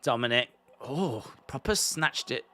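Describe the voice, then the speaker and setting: A man, reacting live to a wrestling show and swinging from quiet mutters to excited shouts. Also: medium pitch, unhurried. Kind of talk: live watch-along commentary.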